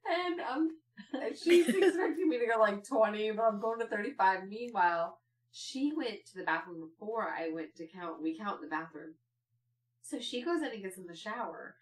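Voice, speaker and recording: A woman's voice: mid-range voice, lively intonation, normal speed, roomy sound, far from the mic. A woman telling family stories in casual chat, laughing often and squealing when she quotes people.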